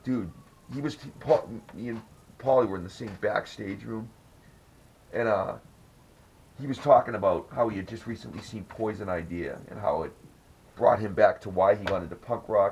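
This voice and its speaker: A man's voice: on the low side, a little fast, a little mellow, highs cut off, slight background noise. A man hosting a podcast, telling rambling, profane stories in casual chat. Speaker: podcast host.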